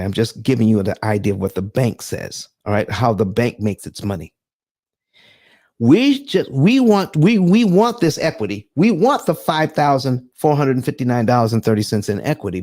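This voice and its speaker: A man's voice: medium pitch, a little mellow. A man hosting a live finance stream, talking emphatically in a preacher-like style with dramatic asides.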